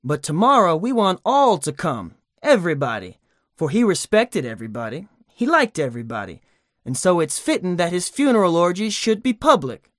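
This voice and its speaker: A man's voice: high-pitched, sing-song, moderate pace, no room sound, studio quality. A man voicing a pompous, long-winded old male con man in an audiobook, speaking in a grandiose, unctuous way. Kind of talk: audiobook character voice.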